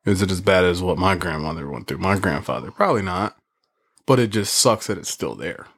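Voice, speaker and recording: A man in a casual conversation who asks questions and thinks out loud in an easygoing, reflective way. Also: deep voice, animated, husky. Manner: easygoing, reflective, quick to laugh along. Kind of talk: casual chat.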